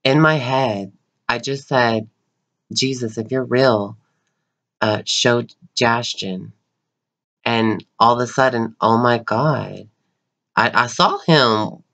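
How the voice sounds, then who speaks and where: A young man telling personal stories to his camera in a halting, rambling way, with many ums and restarts. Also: mid-range voice, bright, forceful tone. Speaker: vlogger.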